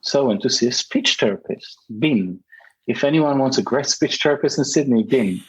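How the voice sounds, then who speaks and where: A public speaking champion, whose first language isn't English, gives emphatic answers as a podcast guest over a remote call, acting out quoted voices. His mid-range voice is husky and animated at a normal speed, and the recording is low quality.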